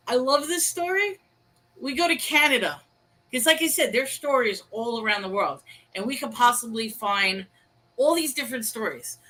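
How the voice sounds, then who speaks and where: A woman co-hosts an online talk show, telling stories with lively, chatty energy. Her voice sits a little high and sounds bright and forceful. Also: poor audio. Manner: animated storytelling, chatty. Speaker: co-host. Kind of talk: casual online chat.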